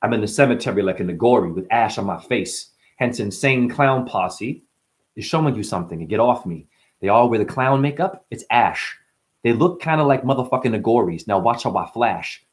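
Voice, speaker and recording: A man in the middle of a loose freestyle rap, chaining puns and rhymes into each other. He is boastful and profane, and his voice sits at an ordinary pitch for a man. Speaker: freestyle rapper.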